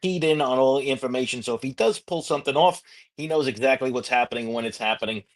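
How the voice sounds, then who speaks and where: Brief: ex-detective man as podcast guest, relaxed, mid-pitched voice. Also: fast. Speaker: former homicide investigator, podcast host. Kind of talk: casual podcast discussion.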